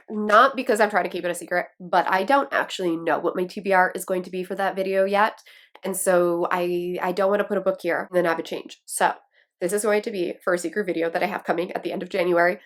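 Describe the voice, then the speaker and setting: Chatty Wisconsin woman, low-pitched. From Wisconsin, USA. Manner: chatty and excitable, self-deprecating laughs. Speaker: book vlogger. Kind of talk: casual chat to camera.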